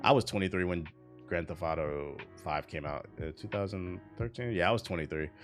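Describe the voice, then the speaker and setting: A man's voice: sits low, a little fast, soft background music. A young man in his twenties, a streamer, talking through gaming news in a casual, rambling and profane way. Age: 20s.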